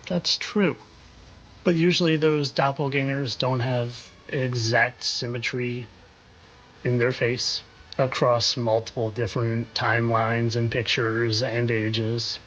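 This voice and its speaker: A man's voice: mid-range voice, little pitch movement, unhurried, a bit bright, lo-fi sound, slight background noise. A man hosting a commentary video, speaking in a knowing, rhetorical way and repeating phrases for effect. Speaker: video host. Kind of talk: insinuating commentary monologue.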